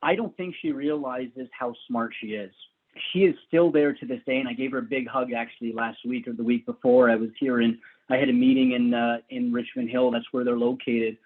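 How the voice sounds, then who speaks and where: A man's voice: medium pitch, steady tone, brisk. A man guest telling stories about his early career in a casual, rambling way, laughing often and restarting sentences. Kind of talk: casual storytelling. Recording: tinny phone-like line.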